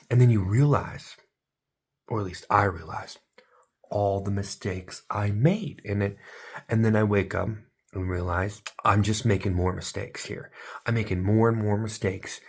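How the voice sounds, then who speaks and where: Speaking to his audience, this male vlogger has a low, creaky and husky voice. His rambling, free-associating monologue is full of silly rhymes and lurches from barely-there whispers into abrupt bursts.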